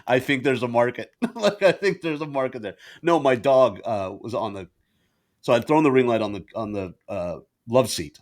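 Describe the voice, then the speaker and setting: Male podcast co-host, mid-pitched, animated storyteller, laughs a lot, on a video call. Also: moderate pace. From Indian family. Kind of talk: casual podcast banter. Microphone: video call with ring light.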